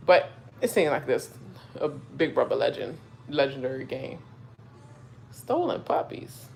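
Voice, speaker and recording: A woman talks through a live reaction stream, rambling and full of fillers. Her voice carries a gravelly fry, and there's a faint hiss of noise under it. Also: extremely low pitch, normal speed. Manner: chatty, rambling with many fillers and asides. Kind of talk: casual live reaction chat.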